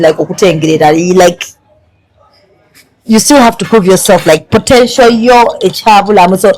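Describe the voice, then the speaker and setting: A woman hosting a casual chat, switching between English and Luganda, teasing and then apologetic. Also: mid-range voice. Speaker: host.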